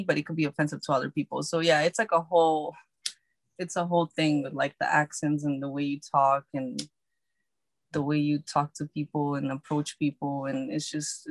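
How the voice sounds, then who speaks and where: A woman's voice: low-pitched, steady tone, a little fast, no echo. A woman who works as an actor chatting casually, loose and repetitive with many fillers. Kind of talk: casual chat.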